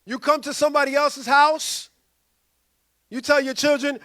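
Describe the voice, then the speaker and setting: A male pastor, preaching a sermon in an animated way and acting out quoted voices. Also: very high voice, measured pace. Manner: animated, acts out quoted voices, loud bursts.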